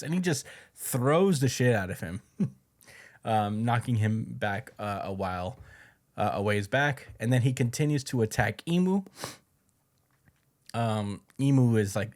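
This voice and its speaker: A man's voice: on the low side, unhurried, darkish tone. A man hosting a podcast, casually recapping a manga chapter in a loose, profane way and chuckling as he goes. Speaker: podcast host.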